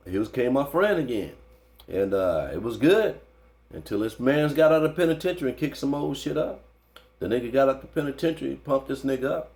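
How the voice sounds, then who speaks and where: A man's voice: mid-range voice, gravelly. A man telling a story in an interview, in casual, slangy, profane speech, often adding "you know what I'm saying.". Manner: animated when recounting the fight. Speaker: interview guest.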